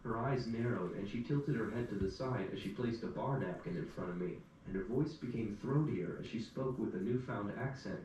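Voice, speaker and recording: A man's voice: fairly low pitch, moderate pace, hardly any pauses, a little mellow. A man narrating a first-person story in a dry, wry storytelling manner. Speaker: audiobook narrator. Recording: echoey room, distant mic, faint hum.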